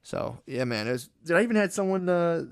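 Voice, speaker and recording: A young man talking casually on a podcast, rambling and profane, telling animated stories. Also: on the high side, brisk, clean tone, dry recording, studio quality. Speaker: podcast co-host.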